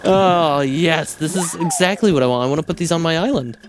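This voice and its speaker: A streamer giving casual, excitable commentary while playing a game, swearing freely and laughing often. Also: medium pitch, fairly quick, music in the background.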